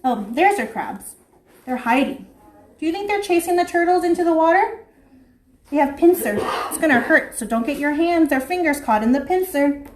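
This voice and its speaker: Animated high-voiced woman reading to kids. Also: normal speed, slight background noise. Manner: animated, sing-song, voices creatures in the story. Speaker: preschool teacher. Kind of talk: reading a picture book aloud to young children. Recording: echoey room.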